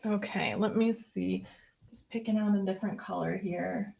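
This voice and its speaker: A woman's voice: mid-range voice, fairly even intonation, moderate pace, creaky, slight background noise. A woman chatting casually on a live stream while she paints, reading viewer comments and talking through her pastel work with many fillers. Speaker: host of an art live stream. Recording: slightly dull, lo-fi stream audio.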